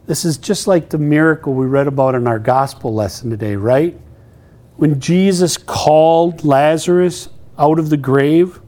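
A male pastor delivers a sermon in a slightly high voice. He is animated and playful, slipping into acted-out quotes with humor. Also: normal speed.

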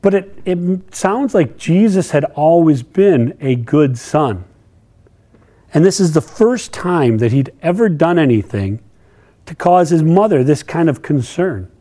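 A man's voice: a little high, mellow. A middle-aged man preaching a sermon in a conversational way, asking his listeners questions as he talks them through scripture. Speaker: pastor.

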